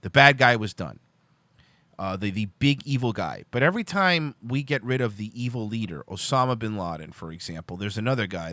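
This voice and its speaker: A man's voice: medium pitch, very animated, brisk, bright, forceful tone, dry recording. A man hosting a livestream, ranting angrily about politics, exasperated and full of restarts. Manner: heated, exasperated, lots of restarts. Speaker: show host.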